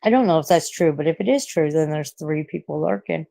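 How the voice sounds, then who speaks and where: Gravelly, low-pitched woman in her forties. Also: lively intonation, fairly quick, warm tone. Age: 40s. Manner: rambling, swears a lot, laughs at herself. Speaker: live streamer. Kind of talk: casual late-night live stream chat.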